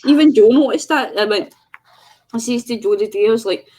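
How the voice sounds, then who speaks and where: Over a video call, a woman with a brisk, mellow voice on the high side co-hosts a relaxed craft livestream. She's talkative and giggly, and she imitates voices.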